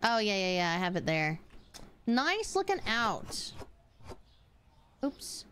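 A woman streaming a game live, chatting excitably with her viewers, yelping and swearing at the game as she plays. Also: medium pitch, slow pace, a little hiss or hum. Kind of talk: live gaming stream chat.

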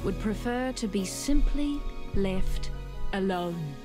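A woman giving slow, solemn scripted narration for a video game cutscene. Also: mid-range voice, animated, music in the background.

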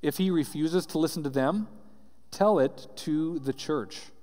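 A male pastor delivers an earnest sermon, reading passages aloud and then unpacking them for his listeners. His voice sits a little high for a man. The sound carries the long echo of a church hall. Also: unhurried, mellow. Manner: earnest, reads scripture aloud then explains it with frequent "right?". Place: church sanctuary. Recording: roomy church hall reverb.

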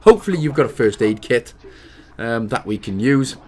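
A man's voice: mid-range voice, lively intonation, normal speed. A Welsh man giving casual, chatty commentary over a video game walkthrough, with self-deprecating, apologetic asides.

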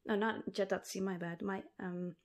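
A young woman vlogging as she unboxes pet snails, soft-spoken with frequent ums. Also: mid-range voice, steady tone, normal speed. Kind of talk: casual unboxing vlog.

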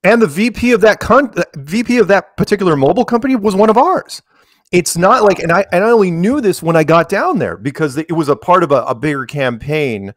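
An interview guest with a high-pitched, animated voice talks briskly in casual conversation. He tells long, rambling stories, often restarting his sentences and acting out the quotes himself.

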